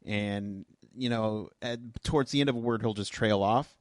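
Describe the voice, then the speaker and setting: A man hosts a podcast in an easygoing, rambling way, poking fun at himself. His voice sits on the low side. The recording is close and dry. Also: moderate pace, dry recording. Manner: relaxed, rambling, self-deprecating. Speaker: podcast host. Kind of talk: casual interview chat.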